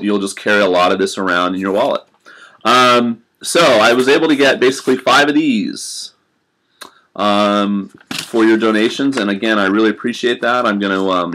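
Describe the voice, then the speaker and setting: Rambling young man, low voice. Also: fairly bright tone. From United States. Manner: rambling, filler-heavy, self-deprecating. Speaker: vlogger living in Japan. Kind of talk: casual chat to camera.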